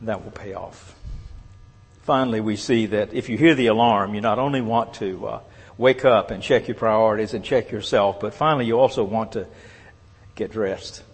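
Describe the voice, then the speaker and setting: A man preaching a sermon, earnest and measured, letting his phrases fall away softly at the end. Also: on the low side, husky. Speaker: pastor. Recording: long reverb of a large hall.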